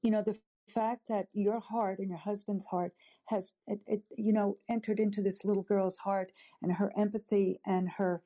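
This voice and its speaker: Older woman, tearful and halting, mellow tone, heartfelt sharing. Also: medium pitch, flat delivery. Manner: emotional, halting, warm-hearted. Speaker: audience member speaking up. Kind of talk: emotional personal sharing.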